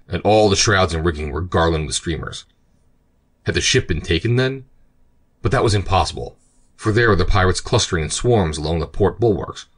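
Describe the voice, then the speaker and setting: A man narrating an adventure audiobook in a steady, measured way. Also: deep voice, husky. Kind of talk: scripted narration.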